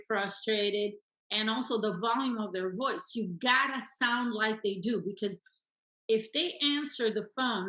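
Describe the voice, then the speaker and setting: A woman coaching real estate agents in an energetic lesson, acting out phone calls in quick voices. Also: mid-range voice, roomy sound, poor audio.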